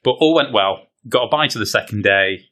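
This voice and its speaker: A British man tells a story in relaxed conversation, with a low-ish but bright, forceful voice. He is animated and self-deprecating and uses British slang freely. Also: a little fast. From Britain. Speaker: guest, fencer. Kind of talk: casual anecdote telling.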